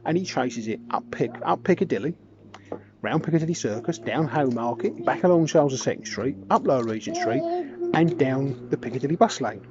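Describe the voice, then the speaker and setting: A man's voice: mid-range voice, very animated, a little fast. A man casually telling a funny anecdote, chatty and wandering. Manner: chatty, wandering, self-correcting. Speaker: storyteller. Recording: dull lo-fi recording with background noise.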